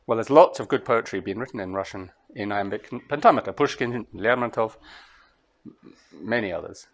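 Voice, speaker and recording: A Scottish man giving a master class on translation, talking to students in a lively way and chanting rhythms aloud. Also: on the low side, moderate pace. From Scotland. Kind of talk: lecture to students. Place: lecture hall.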